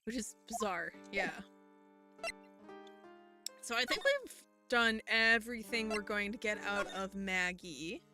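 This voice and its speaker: A woman's voice: medium pitch, lively intonation, slow pace, long pauses, music in the background. A young woman streamer musing aloud in casual commentary while playing a mystery game.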